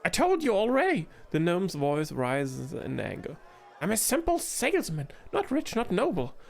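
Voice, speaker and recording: A man's voice: a little high, very animated, unhurried, vocal fry, exaggerated voice. A man doing a jittery, touchy gnome salesman. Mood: defensive. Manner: jittery, defensive, stammering.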